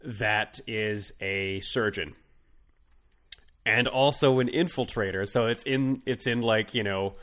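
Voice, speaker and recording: A man co-hosting a comedic podcast, rambling and halting with many fillers and restarts. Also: fairly low pitch, a bit bright. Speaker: podcast co-host. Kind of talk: casual comedic chat.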